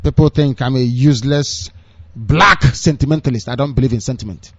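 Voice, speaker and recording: A man's voice: mid-range voice, a little fast, dry recording. A man with a Nigerian accent giving fiery, sarcastic political commentary on the radio, scolding his listeners. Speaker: radio broadcaster. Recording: dull lo-fi dry radio recording.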